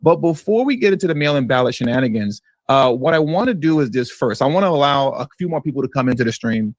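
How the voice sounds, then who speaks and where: A man from California hosts a live stream of political commentary. He talks casually and mockingly, hammering phrases through repetition. His voice sits mid-pitch and sounds dry with no room around it. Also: expressive, fast talker, no echo. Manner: sarcastic and mocking, repeats phrases for effect, chuckles. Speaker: livestream news commentary host.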